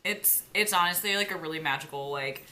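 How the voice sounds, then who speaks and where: A woman's voice: low voice, brisk, pushed and bright. A young woman vlogger chatting casually and gushingly, with lots of "like" fillers. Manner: gushing, heavy use of "like". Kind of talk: casual chat.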